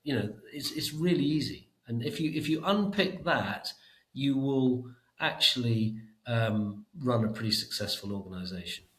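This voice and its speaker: A middle-aged man, the chief executive of an education trust, is a guest on a podcast interview, speaking emphatically and often repeating words as he thinks. His medium-pitched voice is expressive, a bit bright and at normal speed. The recording is rough and reverberant.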